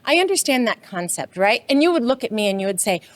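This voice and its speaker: A woman's voice: fairly high pitch, sing-song, fast talker. A woman co-hosting a podcast, talking with passion, swearing often and ending points with "right?". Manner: impassioned, swears often, frequent "right?" tags. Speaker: podcast co-host. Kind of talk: casual podcast chat.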